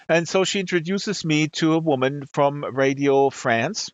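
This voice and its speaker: In a casual livestream, a man from Germany spins a long story for his live chat, rambling and restarting often with plenty of fillers. He talks at a moderate pace in a slightly high, fairly even voice; the audio is dry with the highs cut off.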